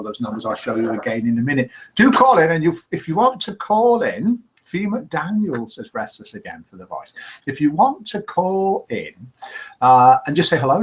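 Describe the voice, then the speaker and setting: A man hosting a live show, playfully reading viewer comments aloud and chuckling. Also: fairly high pitch.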